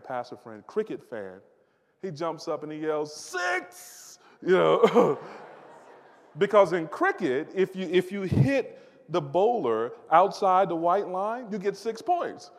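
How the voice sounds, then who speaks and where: A man's voice: a little high, lively intonation, measured pace. A male pastor giving a conversational sermon, often repeating words and asking the audience questions. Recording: long reverb of a large hall.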